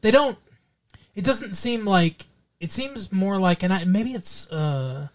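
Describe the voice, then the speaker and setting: A man's voice: high-pitched, animated, slow. A man from Minnesota, co-hosting a podcast in casual chat, rambling with many restarts and fillers. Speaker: podcast co-host.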